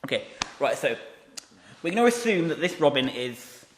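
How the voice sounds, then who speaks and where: A man's voice: medium pitch, very animated, normal speed. A man co-hosting a podcast, improvising a story with many restarts and fillers. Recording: roomy echo.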